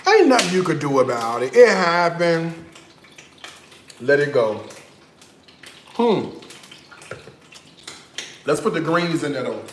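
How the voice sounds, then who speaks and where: A man hosts a live cooking stream, talking straight to his viewers in a casual, disbelieving way. His slightly high voice swings up and down a lot. The sound bounces around a roomy home kitchen, with a faint hiss behind it. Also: slow pace, pauses often. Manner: animated, incredulous, talks to viewers as y'all. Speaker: cooking livestream host. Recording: roomy kitchen echo, faint background noise.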